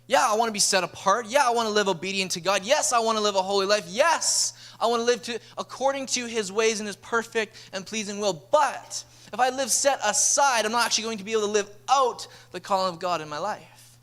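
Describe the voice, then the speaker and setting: A man preaching a sermon as a pastor, energetic and storytelling, acting out bits of dialogue as he goes. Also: sits high, fairly quick. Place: church sanctuary.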